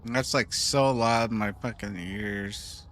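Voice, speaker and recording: A slow, bright-toned male streamer, tired and irritable, muttering with a dry sound. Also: on the low side, a little hiss or hum. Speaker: gaming streamer. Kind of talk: casual gaming commentary.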